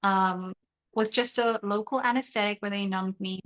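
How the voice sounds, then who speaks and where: A woman's voice: medium pitch, steady tone, normal speed, fairly bright tone, poor audio. A young woman hosting a casual live stream, joking and reading the chat aloud while half of her mouth is still numb from dental surgery. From South Africa.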